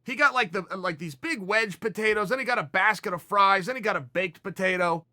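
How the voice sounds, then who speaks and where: A man in his forties from Oregon telling a long story in casual, animated style, often restarting his sentences. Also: high voice, brisk, no echo, clean studio sound. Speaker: podcast host.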